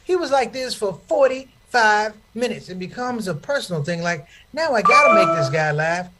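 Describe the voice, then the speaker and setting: A man with a high voice telling stand-up stories. He is animated and speaks to the crowd like a preacher. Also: moderate pace, slight background noise. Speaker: stand-up comedian. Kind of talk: stand-up comedy storytelling.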